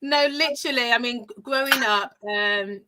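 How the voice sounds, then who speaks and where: Bright, chatty woman host. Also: a little high, moderate pace, slight background noise. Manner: chatty, warm teasing, laughs along. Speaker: podcast co-host. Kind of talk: casual interview hosting.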